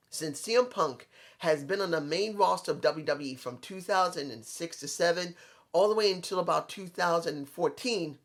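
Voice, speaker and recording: A man's voice: on the high side, a bit bright. A man from New York with a New York accent, giving an opinionated, rambling wrestling recap in a casual, blunt way. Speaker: wrestling commentator.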